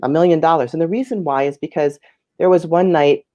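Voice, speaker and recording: A woman's voice: sits low, fairly quick, mellow, no room sound, muffled recording. A woman in her fifties telling a personal story as an interview guest, earnest and emotional, often repeating her words.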